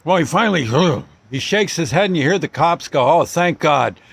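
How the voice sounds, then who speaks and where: A man telling a long anecdote in a loose, halting way, with many restarts and small chuckles. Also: on the high side, animated, gravelly, fairly bright tone, breathy edge, dry recording. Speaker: storyteller host. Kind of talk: casual storytelling.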